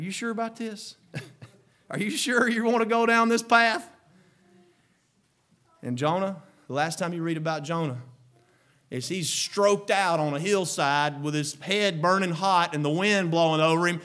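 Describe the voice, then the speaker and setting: A man preaching a fervent sermon, breaking into shouted exclamations and then dropping to quieter, chuckling asides. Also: fairly high pitch, lively intonation, normal speed, long pauses.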